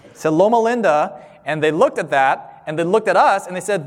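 A man in his thirties giving a sermon-style talk, telling a personal story with animated, acted-out voices. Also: high voice, a little fast. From Southern California. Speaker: speaker. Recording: long hall reverb.

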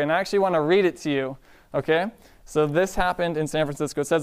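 A man preaching a sermon in a relaxed storytelling way, often asking the congregation "Amen?". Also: a little high, fast, clear, resonant tone. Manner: conversational, calls out "Amen?" to the congregation.

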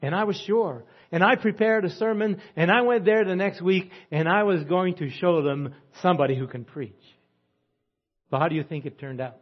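A man's voice: sits high, moderate pace. A man preaching a sermon in a folksy storytelling way, asking the congregation rhetorical questions. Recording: muffled lo-fi recording.

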